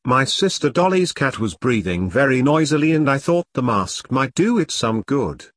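A man reading the part of a gentle, hesitant elderly soldier. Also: medium pitch, sing-song, normal speed. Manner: hesitant, mild.

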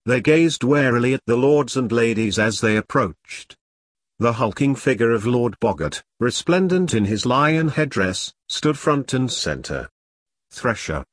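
Husky male audiobook narrator. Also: medium pitch, no echo, studio quality. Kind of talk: scripted narration.

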